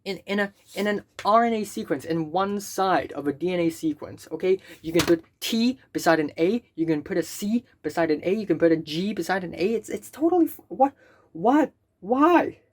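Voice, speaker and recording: A woman's voice: on the low side, expressive, normal speed. A young woman student ranting in a vlog, exasperated, stammering repeated words and swearing often. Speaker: student vlogger.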